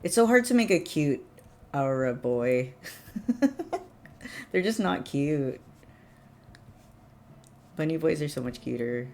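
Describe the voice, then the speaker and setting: A woman livestreaming, chatting casually with viewers, laughing often and breaking into excited bursts. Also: sits low, slow, pauses often, slight background noise. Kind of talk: casual live-stream chat.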